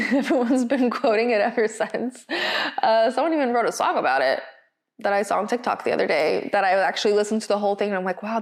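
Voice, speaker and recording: A woman co-hosts a podcast in a casual recap style. She talks in a chatty, expressive way with a mid-range voice. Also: mid-range voice. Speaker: podcast co-host.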